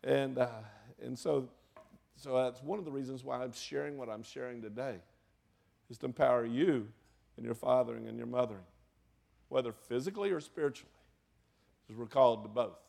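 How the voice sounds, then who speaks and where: Gravelly older man preaching earnestly. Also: medium pitch, moderate pace, long pauses. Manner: earnest, emotional, swings from loud emphasis to hushed asides. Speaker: pastor. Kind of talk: sermon.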